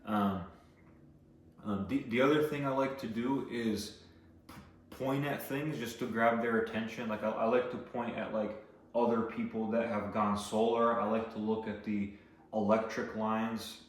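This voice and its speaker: A man's voice: fairly low pitch, fairly even intonation, unhurried, slight background noise. Rambling man coaching sales, echoey. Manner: rambling, many filler likes and restarts. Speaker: door-to-door sales trainer. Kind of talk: casual training talk. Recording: echoey room, voice from a distance.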